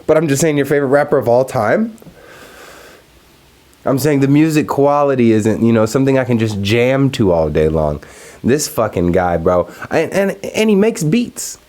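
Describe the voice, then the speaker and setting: Young male podcast host, casual profane rant, very lively intonation. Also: medium pitch, normal speed. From Texas. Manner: profane, animated, laughs often.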